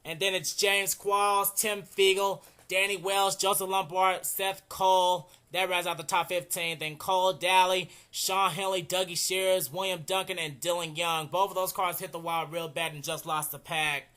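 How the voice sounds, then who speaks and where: A young man doing excited play-by-play commentary on a race, repeating "oh man" and running out of breath. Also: sits high, normal speed, few pauses, clear, resonant tone. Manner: excitable, keeps saying "oh man".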